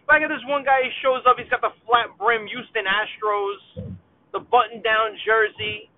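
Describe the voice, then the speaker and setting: A man rambles through a comic rant straight to the viewer from his car. His voice sits high, and he sounds chatty and exasperated. The recording is tinny and phone-like, with a dry, close sound. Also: fairly even intonation, normal speed, dry recording. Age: 30s. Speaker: vlogger. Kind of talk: rambling comedic rant while driving.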